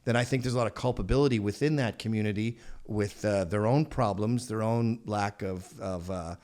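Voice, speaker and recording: A man in his fifties, a podcast guest, telling profane stories in casual chat and slipping into quick character voices. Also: fairly low pitch, darkish tone.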